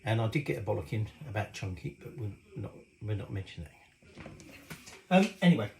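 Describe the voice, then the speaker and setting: A lowish, creaky, darkish voice comes across very animated and brisk, with reverb, slight background noise and rough recording quality. The middle-aged man hosts a cooking vlog, cooking in his home kitchen while he rambles casually and swears a little.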